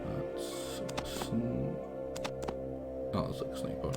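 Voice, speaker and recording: A man's voice: extremely low pitch, very animated, takes it slowly, vocal fry, long pauses, over music. A Scottish man streaming a game live, rambling casually, swearing freely and talking back at the game. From Scotland. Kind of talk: casual live gameplay commentary.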